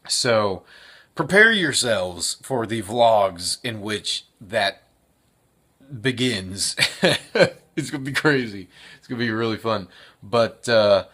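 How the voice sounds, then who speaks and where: A man's voice: fairly low pitch, lively intonation, slow pace, bright, forceful tone. A young man chatting casually in his daily vlog, rambling with lots of fillers and chuckles. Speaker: vlogger and actor.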